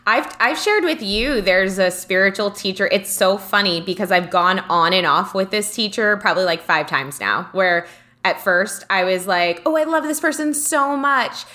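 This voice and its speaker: Bright-voiced young woman podcast host. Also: mid-range voice, moderate pace. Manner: animated, reads out listener comments. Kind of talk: casual spiritual chat.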